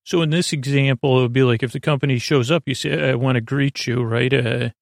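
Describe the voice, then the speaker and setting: A man hosting a sleep podcast, talking in a slow, lulling, rambling way with lots of fillers, restarts and pointless tangents. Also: medium pitch, fairly even intonation, no echo, studio quality. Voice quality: creaky, dulcet tones. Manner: slow, drowsy, lulling delivery. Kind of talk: rambling bedtime monologue.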